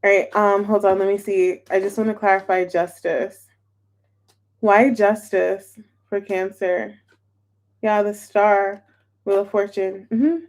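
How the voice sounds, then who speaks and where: A woman's voice: mid-range voice, little pitch movement, takes it slowly, darkish tone. A young woman chatting casually on a live stream as a tarot reader, bubbly and chatty and greeting viewers by name. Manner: chatty, bubbly, reads chat names aloud.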